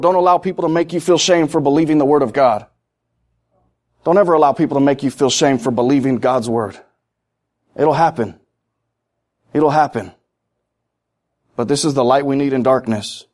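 High-voiced preacher giving an emphatic sermon. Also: male voice. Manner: emphatic, rising to loud peaks; plain-spoken, repeats lines for stress.

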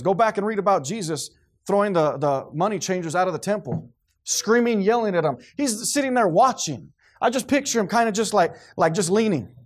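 A fairly high-voiced man preaching to a congregation. He is animated and theatrical, acting out scenes, dropping to quiet low passages and then climbing to shouts. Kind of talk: sermon.

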